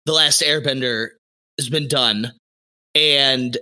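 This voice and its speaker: A man co-hosting a podcast, chatting casually and excitedly about a cartoon series with lots of fillers. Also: medium pitch, slow. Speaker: podcast co-host.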